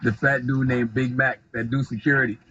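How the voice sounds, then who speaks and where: A man hosting a casual podcast interview, asking quick, excited questions. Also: medium pitch, slightly rough, lo-fi sound. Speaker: podcast host.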